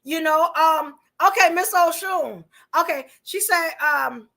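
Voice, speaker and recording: A woman's voice: very high voice, measured pace, creaky, few pauses, bright, forceful tone. A woman hosting a livestream, chatting casually with viewers, full of rhetorical questions and fillers. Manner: chatty, addresses chat viewers directly. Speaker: podcast host.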